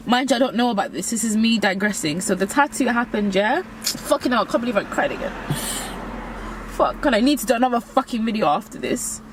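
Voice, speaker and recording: A woman's voice: a little high, a little hiss or hum. A young woman telling a candid story, blunt, profane and self-mocking. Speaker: vlogger.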